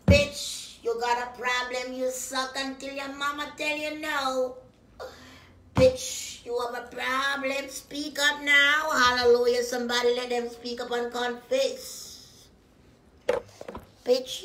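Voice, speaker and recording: Woman, preachy profane comic rant, high pitched, unhurried delivery. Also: a little hiss or hum. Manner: profane, preachy, shifts between hushed whispers and loud shouting. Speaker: comedian.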